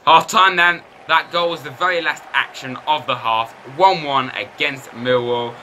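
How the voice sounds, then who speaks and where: A man commentating his football video game in a lively, self-mocking way. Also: medium pitch, normal speed, a little hiss or hum. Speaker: gaming YouTuber.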